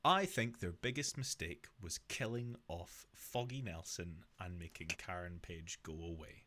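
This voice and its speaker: A man's voice: deep voice, lively intonation, unhurried, sharp tone, a little hiss or hum. Man, podcast co-host, critical, stumbling restarts, casual chat. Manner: critical, hesitant, repeats words.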